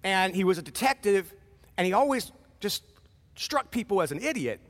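Man, pastor, sermon, high voice, conversational preaching, reverberant hall. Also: normal speed. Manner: conversational, animated preaching with quoted asides.

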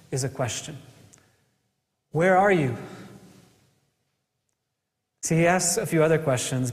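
A man preaching a sermon as a pastor, earnest, asking rhetorical questions and pausing for effect. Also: fairly high pitch, long reverb tail.

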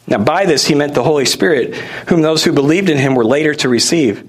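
A male pastor delivering a sermon with a slightly high voice. He talks like he is telling a story to friends, loose and conversational, and keeps throwing rhetorical questions at his listeners. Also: fairly quick, slightly rough.

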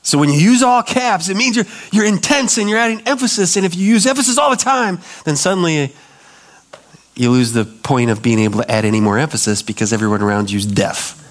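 A male pastor preaching in a loose, conversational way. His voice sits a touch higher than most men's, and he sinks lower and slower when he presses a point home. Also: expressive. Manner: conversational preaching, acts out quoted voices, drops low and slow for emphasis. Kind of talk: sermon.

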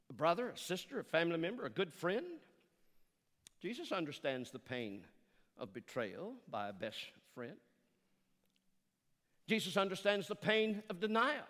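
An older man preaching a sermon in earnest tones, with dramatic pauses and the odd self-correction. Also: on the high side, fairly bright tone. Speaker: pastor. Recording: long hall reverb.

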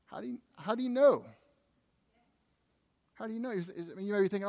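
High-voiced man preaching with passion. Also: brisk, gravelly, long pauses. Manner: impassioned, shifting between loud emphasis and quiet intensity; repetitive preaching cadence. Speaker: pastor. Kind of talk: sermon.

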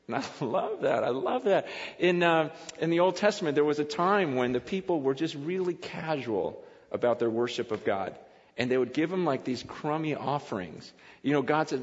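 Male pastor, slightly high voice, preaching emphatically in a casual tone; recording is muffled. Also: animated, moderate pace. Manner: conversational, emphatic preaching with repeats. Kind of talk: sermon. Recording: dull lo-fi recording in a long-reverb hall.

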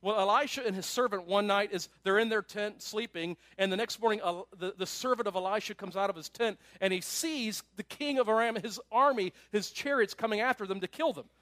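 A man pastor preaching a sermon in an animated, conversational way, with asides to his listeners. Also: high voice, fairly quick, few pauses, no echo.

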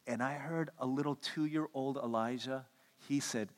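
A man in his thirties preaching a sermon, telling stories and acting out the quotes with lively energy. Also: medium pitch, measured pace. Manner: animated storytelling, acts out quotes. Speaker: pastor. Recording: echoey hall reverb.

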